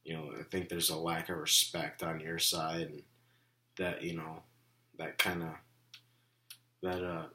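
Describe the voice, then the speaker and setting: Young guy ranting about stuff, low voice but kinda bright, lots of "you know" and "like". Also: flat delivery, measured pace, pauses often. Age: young adult. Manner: rambling, heavy on fillers like "you know" and "like"; frustrated, indignant. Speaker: vlogger. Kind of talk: casual venting monologue.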